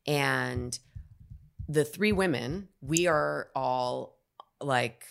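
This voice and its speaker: Low, gravelly woman telling a story. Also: extremely slow. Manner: animated, candid storyteller. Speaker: actor guest. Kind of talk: casual podcast storytelling.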